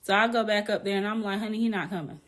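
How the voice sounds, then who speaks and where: A woman hosting a casual podcast, telling a story in an animated, blunt way, laughing often and swearing casually. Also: medium pitch, fast talker. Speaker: podcast host.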